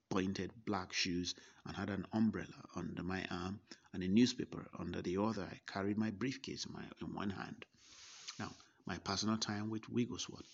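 A man slowly recounting a personal story, first person. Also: low-pitched, creaky. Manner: slow, deliberate recollection with quoted dialogue. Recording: dull lo-fi recording.

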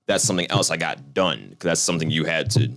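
A young man co-hosting a podcast, chatting in a relaxed, encouraging way with casual swearing. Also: rumbling low, quick pace, no echo. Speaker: podcast co-host. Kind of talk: casual chat.

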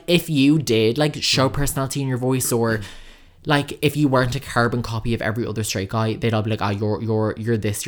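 Fast-talking man, chatty co-host. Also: medium pitch. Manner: fast, animated storytelling with many fillers and voiced impressions. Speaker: podcast co-host. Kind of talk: casual chat.

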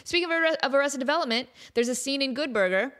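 Chatty animated woman podcaster. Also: sits high, quick pace. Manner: chatty, animated, slips into silly voices for quotes. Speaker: podcast host. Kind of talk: casual comedic monologue.

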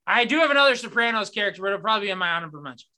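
A man hosting a casual podcast, telling stories with lots of profanity and animated retellings. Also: sits high, racing, background noise. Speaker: podcast host. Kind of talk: casual sports podcast chat.

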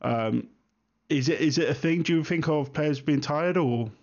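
Brief: man, gravelly voice, halting questioning chat, muffled lo-fi recording. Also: a little high, a little mellow. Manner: hesitant, lots of ums and restarts, asks questions. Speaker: podcast co-host, football fan. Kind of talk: casual chat. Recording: muffled lo-fi sound.

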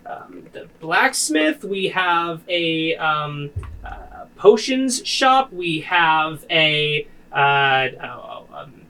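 A man's voice: fairly high pitch, very animated, extremely slow, bright, forceful tone, clear, resonant tone, exaggerated voice, poor audio. A man voicing a timid male village advisor who halts often with ums and uhs. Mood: eager, fumbling. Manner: hesitant, full of ums and uhs.

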